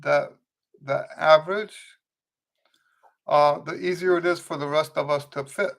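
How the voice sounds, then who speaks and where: A man hosting a live trumpet Q&A, answering viewers' questions in a relaxed, conversational way, often restarting and checking in with "okay?". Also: on the high side, unhurried, vocal fry. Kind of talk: casual livestream teaching, answering viewer questions.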